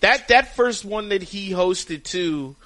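A man with a somewhat high voice tells a story in a casual, animated way. He jumps into the voices of the characters as he goes, bringing the anecdote to life. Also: takes it slowly. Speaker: caddie.

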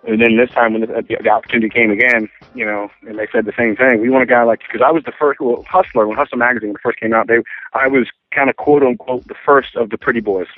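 A man's voice: mid-range voice, steady tone, fast talker. A man telling his story as an interview guest, rambling with many restarts and acting out quotes. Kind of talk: casual storytelling. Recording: tinny phone line, faint music.

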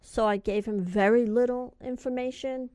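A woman in her forties from California, a guest telling a tense story in an interview, lively and confiding. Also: a little high, normal speed, no echo. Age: 40s.

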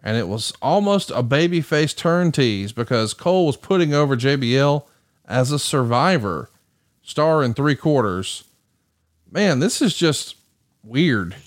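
Male podcast host, brisk recap commentary, questioning co-host, mid pitch, dry close mic. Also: animated, no echo. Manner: brisk, reads match results and asks questions.

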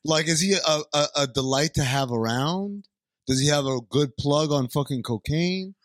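A man's voice: a little high, moderate pace, no room sound, studio quality. A man co-hosting a casual podcast, arguing sarcastically and swearing a lot. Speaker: podcast co-host. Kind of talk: casual chat.

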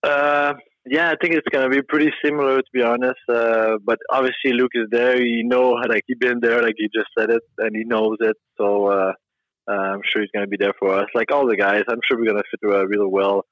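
A young man with a Québécois French accent, French his first language, speaking haltingly as an interview guest over a remote line. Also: medium pitch, little pitch movement, no echo, highs cut off. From Quebec. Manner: halting, friendly, many fillers. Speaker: hockey player guest.

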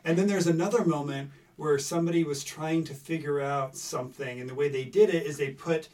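A man co-hosting a casual podcast chat about tabletop games, rambling with restarts and growing animated when he makes a point. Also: on the high side, fairly quick, recorded from a distance. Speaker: podcast co-host.

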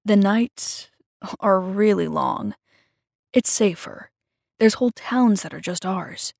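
A woman voicing a shy, earnest teenage boy vampire in a fiction reading, speaking in a hushed, halting, confiding way. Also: medium pitch, lively intonation, vocal fry, no echo, clean studio sound. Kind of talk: audiobook-style fiction reading.

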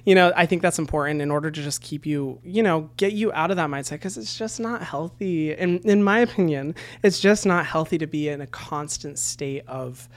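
A man's voice: on the high side, normal speed, hardly any pauses. A man in his twenties hosting a podcast, chatting earnestly and openly with his guest, with lots of "you know" and "like.". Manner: earnest, chatty, frequent fillers. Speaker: podcast host. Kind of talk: casual interview chat.

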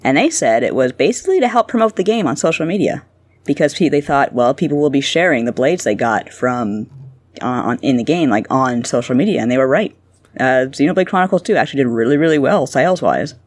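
Agreeable, easygoing woman co-host from Canada; relaxed chat, close and dry. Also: rumbling low, fairly quick, no room sound. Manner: agreeable, easygoing, laughs often. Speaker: podcast co-host. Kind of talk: casual podcast chat.

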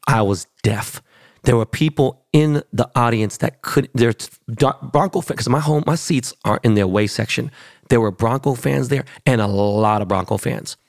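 A man's voice: medium pitch, moderate pace, gravelly, dry recording, clean studio sound. A man hosting a podcast, telling a boastful, profane story in casual chat. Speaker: podcast host.

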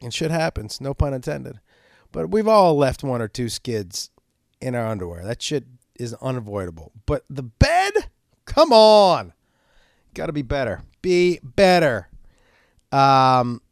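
A man hosts his own podcast in a loose, rambling monologue. He's candid and crude, dropping jokes casually as he goes. His voice is smooth and resonant at a middling pitch, recorded dry and close. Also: dry recording. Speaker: podcast host.

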